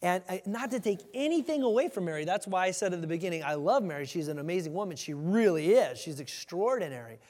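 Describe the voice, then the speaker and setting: A male pastor preaching a conversational sermon, animated at times and dropping to a hush for emphasis. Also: high voice, fast, hardly any pauses, long reverb tail.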